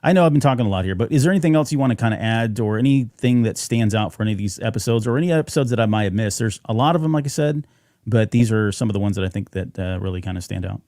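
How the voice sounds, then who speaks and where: A man's voice: on the low side, expressive, rapid-fire, mellow, dry recording, studio quality. A man co-hosting a fan podcast, chatting casually and rambling with fillers and restarts. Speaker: podcast co-host.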